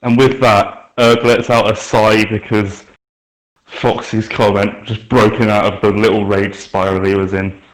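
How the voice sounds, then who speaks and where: A man's voice: fairly low pitch, little pitch movement, a little slow, low-quality recording. A man talking as a player in a tabletop game in a dry, matter-of-fact way. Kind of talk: casual tabletop game talk.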